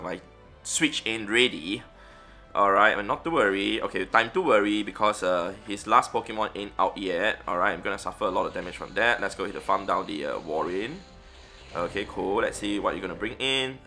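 Young guy narrating his game live, bright lowish voice, faint music behind. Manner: chatty, thinks aloud, frequent fillers and restarts. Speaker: gaming streamer. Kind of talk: live gameplay commentary.

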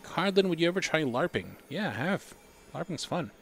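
Here a male streamer talks casually over his game in a higher, sing-song voice with vocal fry and a slightly bright tone. He speaks at normal speed, rambling easily with viewers, and there's a little background noise.

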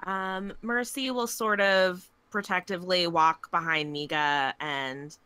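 Bright-voiced woman player, amused. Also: lowish voice, steady tone, slow pace, smooth, no echo. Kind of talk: casual game chat.

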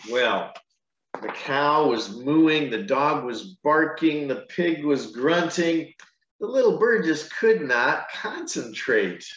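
A man, a pastor, reading a picture book aloud to children, with gentle, chatty asides between pages. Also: on the high side, animated, takes it slowly. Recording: echoey room, dull lo-fi sound.

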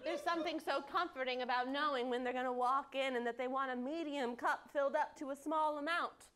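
A woman performing a live improv comedy scene on a theater stage, talking in an earnest, deadpan way. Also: high voice, brisk. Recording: noisy live stage recording. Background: audience laughter.

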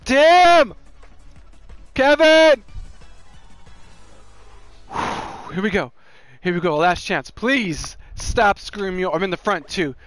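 A young man with a very high voice commentates his own gameplay. He drags his words out slowly and gets loud and excitable, swearing at bad luck. Faint game music plays behind him. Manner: excitable, swears, shouts and laughs at wins. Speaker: gaming channel host.

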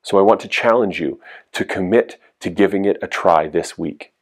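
A man with a fairly low voice preaches to a youth group. He speaks in an earnest, encouraging way and keeps coming back to his key phrases. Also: normal speed. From Canada. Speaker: youth pastor. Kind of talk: youth sermon.

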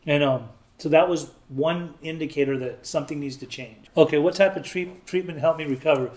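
A man's voice: on the high side, brisk, darkish tone. A man in his thirties from Southern California, telling his own story in an interview in a candid, plain-spoken way and acting out the voices of people he quotes.

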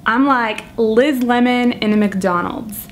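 A woman's voice: a little high, slow pace, a little hiss or hum. Young woman, self-mocking comic vlogger. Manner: self-deprecating, animated storytelling. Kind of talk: comedic vlog monologue.

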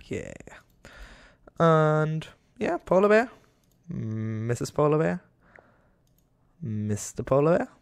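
A man's voice: fairly high pitch, big pitch swings, slow pace, creaky, long pauses, smooth, dry recording, clean studio sound. A young man giving casual, rambling commentary over a game, talking to the animals on screen and getting exasperated with them. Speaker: gaming YouTuber.

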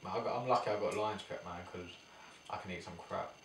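Young boxer, low-key slangy chat, echoey room, distant mic. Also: male voice, fast, gravelly, a little hiss or hum. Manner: laid-back slangy banter. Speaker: professional boxer guest. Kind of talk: casual chat.

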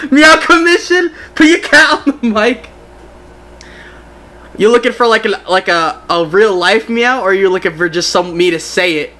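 A young man streaming a game, chatting casually with his viewers in an excitable, giggly way. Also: high-pitched, slow, pauses often. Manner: excitable, giggly, talks to chat. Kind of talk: casual live-stream chat.

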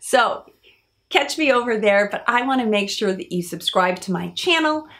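A woman's voice: fairly high pitch, lively intonation, moderate pace, a bit bright. A woman psychologist giving an educational talk to camera, explaining patiently and asking viewers rhetorical questions.

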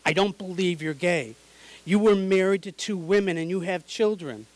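A woman's voice: on the low side, moderate pace, a little mellow, dry recording, pitched above the performer's own voice, natural voice, poor audio. A man voicing his older mother, loving but in denial, insistent and pleading. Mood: upset.

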